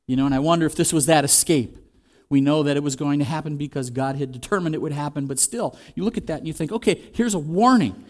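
A man preaching a sermon in a conversational way, acting out the quoted voices as he goes. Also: fairly high pitch. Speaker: pastor.

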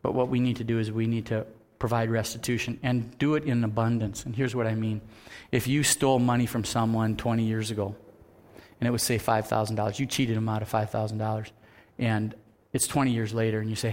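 A man preaching a sermon as pastor, who acts out quoted voices in an animated way and drops to a soft voice for his earnest points. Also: fairly low pitch, brisk.

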